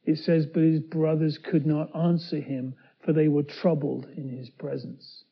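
A man preaching a sermon, retelling a scripture story with dramatic swings from loud to hushed as he voices the characters. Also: a little high, little pitch movement, unhurried, creaky, breathy edge, lo-fi sound.

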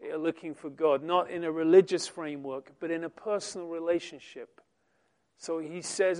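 A man preaching a sermon, reading scripture aloud and swelling loud and slow on the quoted lines. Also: fairly high pitch, fairly even intonation.

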